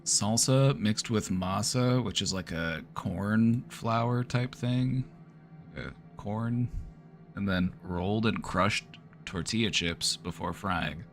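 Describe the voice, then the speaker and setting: A man's voice: fairly low pitch, slow pace, faint music behind. A man streaming live, giving casual joking commentary with wry running reactions. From United States.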